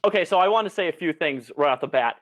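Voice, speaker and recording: A man co-hosting a podcast, chatting in an excitable, stammering way. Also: on the high side, quick pace. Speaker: podcast co-host. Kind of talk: casual chat.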